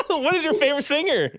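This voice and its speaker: A male host runs a relaxed livestream interview, laughing often between questions. His voice is very animated, swooping high and low.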